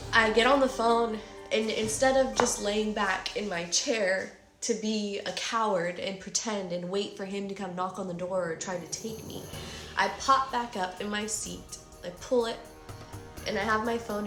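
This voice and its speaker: A young woman recounts a personal story with bright, crisp energy, acting out her own shouts and quoted lines. Her voice rings a little in an echoey room, with faint music underneath. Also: mid-range voice, fairly even intonation, moderate pace. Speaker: vlogger. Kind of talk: emotional storytime retelling.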